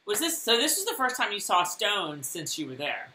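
Lively lady on a video call, bouncy voice, echoey room, talks with big emphasis. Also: medium pitch, normal speed, slight background noise. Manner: animated, emphatic, laughs often. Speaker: podcast co-host. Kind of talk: casual recap chat over a video call.

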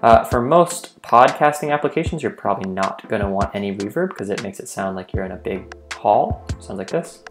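A man teaching a software tutorial in a studio, explaining in a relaxed, friendly way with small fillers. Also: fairly low pitch, brisk, few pauses. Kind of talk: tutorial demonstration. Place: recording studio. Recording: echoey room with faint music.

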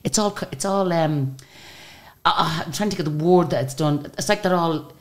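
A woman's voice: fairly low pitch, a little fast. A woman in her sixties with an Irish accent, a singer telling stories in a chatty interview, often restarting her sentences. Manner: chatty, lively storyteller with frequent restarts. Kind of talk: casual storytelling interview.

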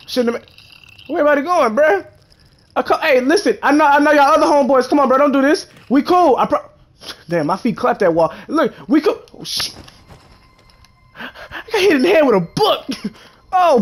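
Animated high-voiced young man gaming. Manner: animated, mock-dramatic, talks to game characters. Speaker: gaming YouTuber. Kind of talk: comedic let's-play commentary. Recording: game music underneath.

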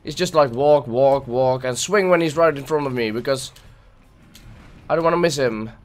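A man's voice: mid-range voice, moderate pace. A man giving live gameplay commentary, frustrated and swearing at the game as he plays. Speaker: gameplay video creator.

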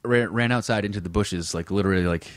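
A man from Massachusetts, guesting on a podcast, tells a story in a relaxed, giggly way. His voice sits fairly low and is recorded close and dry, with no room sound. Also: fast talker, dry recording. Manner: laid-back, giggly storyteller. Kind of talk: casual podcast chat.

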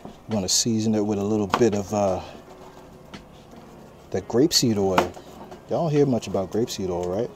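This cooking channel host has a fairly low voice, a moderate pace and long pauses. Out at a windy charcoal grill, he chats easily and directly with viewers, while wind and crackling fire fill the background.

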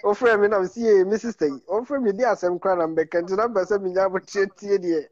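A man's voice: high-pitched, steady tone, fast, darkish tone, dull audio. A man with a Ghanaian accent, calling in and talking casually in Twi and English, laughing between words.

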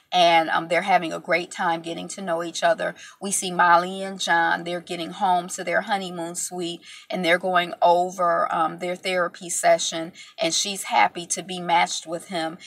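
Chatty woman with gravelly bright voice. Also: on the low side, dry recording. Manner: chatty, lots of ums and you-knows, playful sign-off. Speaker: YouTube recap vlogger. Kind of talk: casual reality-TV recap.

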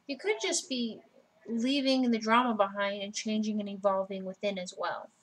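A woman's voice: medium pitch, normal speed, rough recording. A woman giving a personal tarot reading in a casual, blunt way, swearing freely as she goes through the cards. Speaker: tarot reader.

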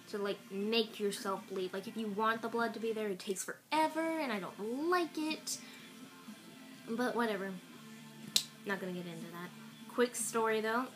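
A woman's voice: mid-range voice, fairly bright tone, poor audio. A young woman rambling casually through a haul video, recorded on an iPad. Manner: rambling and offhand, with fillers. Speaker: vlogger. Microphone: iPad camera. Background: faint music from a radio.

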